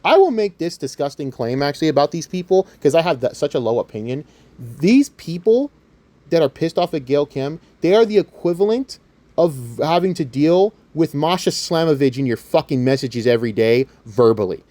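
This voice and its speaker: Angry commentary host, male, swearing nonstop, voice swinging wide, pitched a touch high. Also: animated, brisk, dark tone, dry recording. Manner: profane, heated, taunting. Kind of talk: angry rant to camera.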